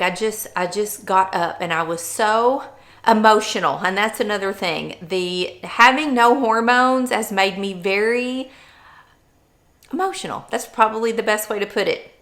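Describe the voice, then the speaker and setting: A woman's voice: medium pitch, a bit bright. A woman vlogger talking candidly and earnestly about her personal experience. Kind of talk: personal vlog chat.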